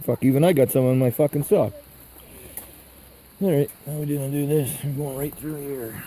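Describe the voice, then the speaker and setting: A man's voice: mid-range voice, mellow, poor audio. A man chatting casually outdoors while feeding animals and filming, swearing a lot and tagging lines with "eh?". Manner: swears a lot, drawn-out "eh?" tags. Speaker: vlogger. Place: outdoors on a rural property. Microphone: handheld camera.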